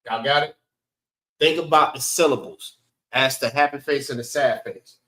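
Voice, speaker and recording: A man's voice: mid-range voice, normal speed, sharp tone, roomy sound, far from the mic. A man teaching a language class, patiently breaking words into syllables for his students. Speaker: class instructor.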